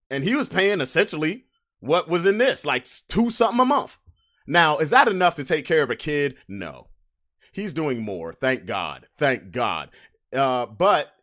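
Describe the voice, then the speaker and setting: A man hosting a casual livestream podcast, reading memes to his chat with drawn-out emphatic delivery, loose slang. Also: a little high, fairly bright tone.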